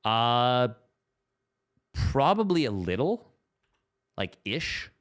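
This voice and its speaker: Male esports caster, mid-pitched, casual and self-deprecating, rambling live play-by-play. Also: big pitch swings, very slow. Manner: playful, self-mocking, rambling asides. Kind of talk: live casual game commentary.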